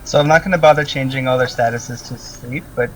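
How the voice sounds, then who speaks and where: A man's voice: mid-range voice, fairly even intonation, fairly quick. A man narrating a tabletop game as game master, describing scenes with many ums and likes. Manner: descriptive, full of "um" and "like". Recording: distant mic with faint music.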